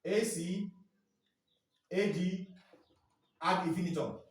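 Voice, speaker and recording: A man's voice: high-pitched, steady tone, takes it slowly. Man teaching in an echoey room. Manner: quizzing, asks "what?" and waits for answers. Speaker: teacher trainer. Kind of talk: phonics training lesson. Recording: echoey room, mic far off.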